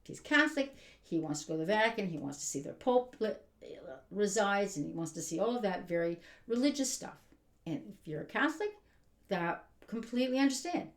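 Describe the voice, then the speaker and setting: A woman delivers a fired-up, indignant rant straight to camera. Her voice sits in the middle of the range, and she talks in an emphatic, exasperated way. The recording carries a noticeable roomy echo. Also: mid-range voice. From Canada. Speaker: vlogger. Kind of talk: ranting commentary.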